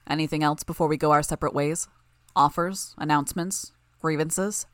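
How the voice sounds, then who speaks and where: A woman's voice: low-pitched, steady tone, normal speed, fairly bright tone, no echo. A woman narrator voicing a composed male villain leader chairing a meeting in a businesslike way. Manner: formal, businesslike.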